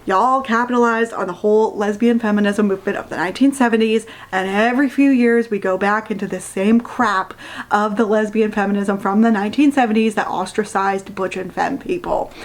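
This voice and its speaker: A woman giving a casual, sarcastic rant review of a book, swearing freely and sounding exasperated. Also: mid-range voice.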